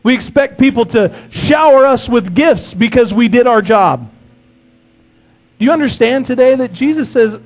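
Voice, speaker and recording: A man's voice: very high-pitched, animated, moderate pace, lo-fi sound. A man preaching a sermon, emphatic, reading scripture and acting out a servant's complaints.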